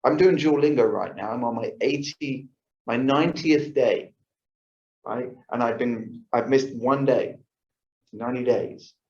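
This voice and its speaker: Speaking unhurriedly in a mid-range, darkish voice, a man chats with a yoga class about lifestyle, voicing his own thoughts aloud and checking in with a frequent "right?" The studio recording sounds roomy, dull, and lo-fi.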